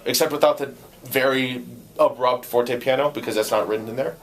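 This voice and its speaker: A young man with a slightly hoarse voice, coaching a trumpet section in rehearsal. He sings the rhythms to demonstrate and counts the players in. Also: medium pitch, fairly even intonation, fairly quick. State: voice going hoarse. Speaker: ensemble conductor. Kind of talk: rehearsal instruction. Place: band rehearsal room. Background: trumpets playing.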